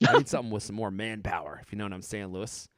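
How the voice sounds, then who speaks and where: A man's voice: on the low side, racing, fairly bright tone. A man in his thirties co-hosting a podcast, joking and teasing his co-host in casual chat. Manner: playful, teasing, laughs often.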